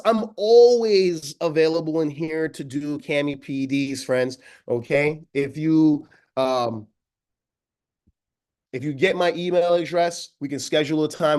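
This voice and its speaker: A high-energy man with a Jamaican accent runs an online teacher training, chatty and eager, calling his listeners friends. His voice sits on the higher side for a man. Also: a little mellow. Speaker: educator giving an online training. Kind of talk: energetic webinar demo.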